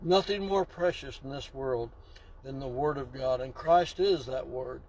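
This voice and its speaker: A man's voice: medium pitch, measured pace, a little mellow, slight background noise, rough recording. A man preaching a sermon, exclaiming and drawing out key words for emphasis.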